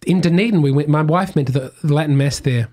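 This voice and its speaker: A man's voice: on the high side, quick pace, mellow. An Australian man, a comedian guest, chatting casually on a podcast in a wry, joking, rambling way.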